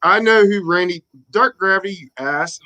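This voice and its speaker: A man's voice: high voice, normal speed, sharp tone. A man in his thirties co-hosting a casual chat, joking, swearing and laughing often. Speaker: co-host.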